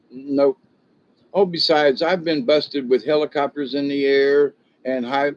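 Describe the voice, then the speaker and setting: Chuckling man, rambling monologue. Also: medium pitch. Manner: chuckling, folksy, self-mocking. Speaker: commentary vlogger. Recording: dull lo-fi home recording.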